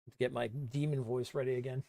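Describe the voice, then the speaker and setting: Gravelly-voiced male game streamer. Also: mid-range voice, flat delivery, fairly quick, dark tone, no echo, studio quality. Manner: chatty, thinking aloud, laughs easily. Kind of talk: casual gameplay commentary.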